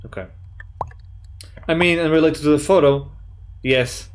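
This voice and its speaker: Male gaming YouTuber, slightly high voice, jokey and profane let's play commentary. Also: unhurried. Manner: excitable, swears a lot, jokey; reads chat messages aloud in playful voices.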